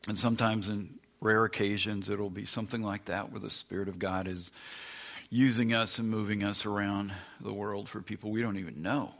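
A man's voice: on the low side, steady tone, moderate pace, vocal fry, fairly bright tone. A man hosting, reflecting on the guest's story and drawing a lesson from it. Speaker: host.

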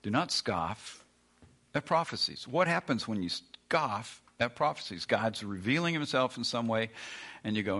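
A man's voice: mid-range voice, lively intonation, a little slow, pushed and bright. A man preaching a sermon with emphatic, repeated lines. He acts out the complaints of doubting listeners along the way. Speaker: pastor.

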